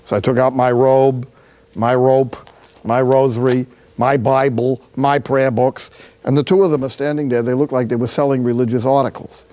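Mellow-voiced New friar preaching. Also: male voice, medium pitch, normal speed. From Jersey City, New Jersey. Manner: lively anecdotal storytelling with acted-out dialogue. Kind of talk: storytelling sermon.

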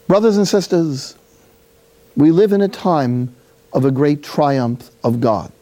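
A friar from City, preaching a sermon through a lively personal story with acted-out dialogue. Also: male voice, mid-range voice. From Jersey City, New Jersey.

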